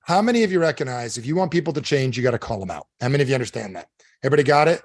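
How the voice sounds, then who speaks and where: A man giving a live motivational seminar talk, animated and emphatic, who keeps asking his audience questions while he tells a story. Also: medium pitch, very fast, no room sound, clean studio sound. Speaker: motivational speaker.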